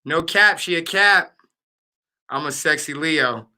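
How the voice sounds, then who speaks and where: A man's voice: on the high side, slow, bright, forceful tone. A man hosting a live stream, chatting casually and playfully with his viewers in slangy talk. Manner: playful, slangy, talks to the chat. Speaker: livestream host.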